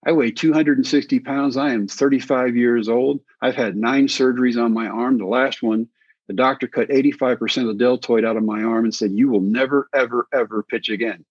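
Husky-voiced man telling stories. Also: medium pitch, steady tone, a little fast, no echo. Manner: folksy anecdotes, acting out quoted voices. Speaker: guest, former baseball coach and pitcher. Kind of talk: animated storytelling in an interview. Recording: dull, dry recording.

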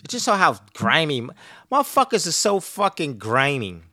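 Lively, bright-voiced man rambling casually. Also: fairly high pitch, moderate pace, no room sound, studio quality. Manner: rambling, profane, laughs often. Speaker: podcast host. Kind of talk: casual podcast monologue.

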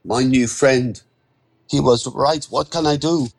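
A man reading a story and voicing an anxious male newcomer who stammers in halting broken English. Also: mid-range voice, vocal fry, voice pushed up. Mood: alarmed.

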